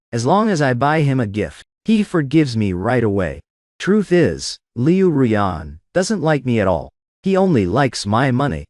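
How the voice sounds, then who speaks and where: Lively male storyteller, dry close sound. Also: mid-range voice, dry recording. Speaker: narrator. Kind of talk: first-person story narration.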